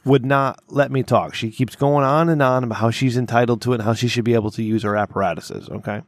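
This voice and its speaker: A man's voice: medium pitch, fairly even intonation, fast talker, dry recording. Chatty man with dry close sound. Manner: rambling, repeats words, checks in with "okay?" and "right?". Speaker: podcast co-host; workplace boss. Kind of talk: casual storytelling chat.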